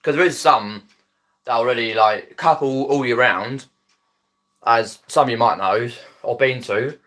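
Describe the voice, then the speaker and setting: A man with a South East English Mockney accent talks off the cuff to his live stream viewers. His voice is mid-pitched and bright, with a forward edge. He rambles, stumbles and restarts, dropping his aitches as he goes. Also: normal speed. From Epsom, Surrey, England. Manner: rambling, hesitant, many ums and restarts, laughs often. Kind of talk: casual live stream chat. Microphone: phone.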